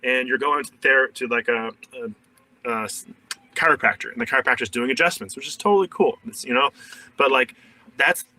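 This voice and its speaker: Bright-voiced coach speaking off-mic. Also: male voice, medium pitch, moderate pace, recorded from a distance, poor audio. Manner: earnest, many "like" fillers and restarts. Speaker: shadow work coach. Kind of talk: casual podcast interview.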